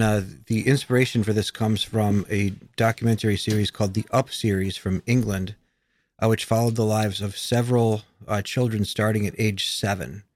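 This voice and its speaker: A man's voice: on the low side, darkish tone, dry recording. Hesitant American man musician. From United States. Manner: hesitant, many fillers and restarts. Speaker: musician guest. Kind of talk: casual interview chat.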